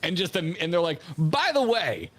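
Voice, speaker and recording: A man hosting a game stream, rambling and excitable in casual chat. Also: fairly high pitch, moderate pace. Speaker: streamer host. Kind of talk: casual let's-play chat. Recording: faint game music behind.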